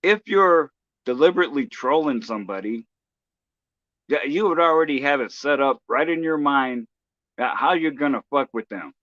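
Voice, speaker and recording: A man talking on his own livestream, ranting in a halting, profane way with many restarts. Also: on the high side, expressive, fairly bright tone, no echo, muffled recording. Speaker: live streamer. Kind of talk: casual livestream rant.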